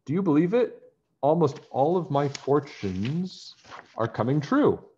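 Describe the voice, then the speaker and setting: Show-off kid fortune teller, excitable and bragging, high storybook voice from a male reader, dull lo-fi audio. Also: normal speed, a little hiss or hum, close to an everyday voice.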